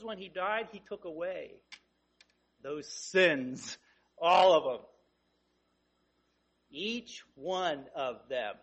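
A man delivers a sermon in a bright, high voice. He speaks slowly and deliberately, and his pitch swings widely as he drives points home with repeated phrases. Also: slightly rough, dull audio. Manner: emphatic, repeating phrases with rising intensity. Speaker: preacher.

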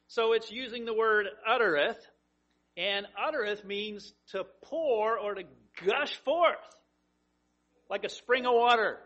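Male preacher, high voice, very animated pitch, storytelling sermon. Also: muffled recording. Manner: vivid storytelling, swings between hushed and emphatic. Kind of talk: sermon, Bible teaching.

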